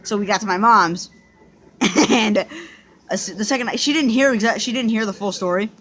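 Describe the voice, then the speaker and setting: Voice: mid-range voice, normal speed, a bit bright. A young person casually telling a personal story to the camera, rambling through restarts and fillers and swearing now and then.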